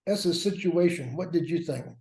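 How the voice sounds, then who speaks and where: A man's voice: fairly high pitch, moderate pace, a little mellow. Wry man lecturing in an echoey room. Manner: wry, self-mocking asides. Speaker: workshop instructor. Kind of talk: workshop lecture. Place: classroom. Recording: roomy echo.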